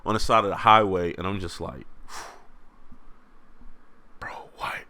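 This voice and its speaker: A young man hosting a podcast alone, telling a story casually in slang, animated and often laughing. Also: deep voice, measured pace. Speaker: podcast host.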